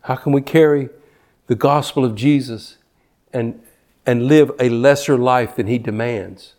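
A man's voice: medium pitch, unhurried, darkish tone. An older man preaching a sermon, fervent, often repeating words as he builds to a point. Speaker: pastor.

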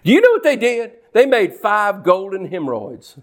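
A man preaching a fiery sermon, his voice pitched high for a man. He swings between scripture reading and mocking impressions of anxious, complaining people. His delivery is animated and punchy. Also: normal speed. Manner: animated, mocks worriers in whiny put-on voices.

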